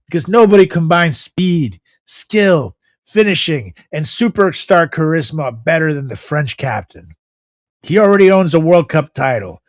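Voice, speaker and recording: A man's voice: a little high, dry recording, studio quality. A man co-hosting a podcast in brash, profane casual chat, hyping players and joking. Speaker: podcast co-host.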